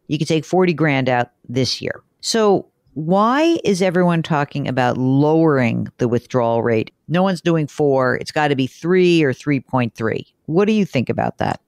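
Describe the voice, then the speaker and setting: Brisk, chatty female talk show host. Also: sits low, lively intonation, darkish tone, no room sound, clean studio sound. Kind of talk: finance talk show interview.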